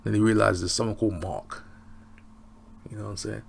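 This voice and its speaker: A man giving a casual, rambling recap of a TV episode, excitable and often laughing. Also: fairly low pitch, a little fast, vocal fry, slight background noise. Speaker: TV show reviewer.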